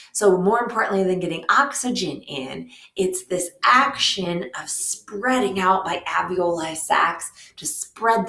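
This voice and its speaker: A woman's voice: on the low side, gravelly, fairly bright tone. Chatty woman teacher in an echoey room. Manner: explanatory, many ums, chatty asides to students. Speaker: high school biology teacher. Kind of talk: recorded remote lesson.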